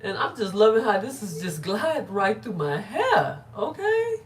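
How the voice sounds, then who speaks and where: A woman's voice: mid-range voice, sing-song, normal speed. A middle-aged woman chatting casually on a live stream while doing her hair, laughing often and greeting viewers by name.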